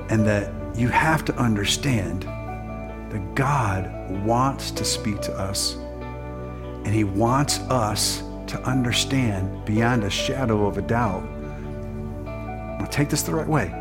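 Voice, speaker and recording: A man preaching a sermon as a pastor, impassioned and rising, then quieter and earnest. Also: mid-range voice.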